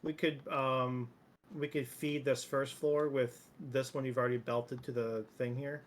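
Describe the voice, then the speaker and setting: A man's voice: medium pitch, unhurried, a little hiss or hum. Laid-back male streamer in casual chat. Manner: relaxed, rambling, swears freely. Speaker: streamer playing a game with a friend.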